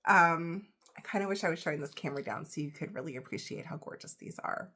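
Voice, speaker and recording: A woman's voice: deep voice, fast, pushed and bright, breathy edge. Gushing woman unboxing jewelry. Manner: gushing, emotional, gasps and whispers in delight. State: recovering from a cold. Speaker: reseller vlogger. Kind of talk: casual unboxing vlog.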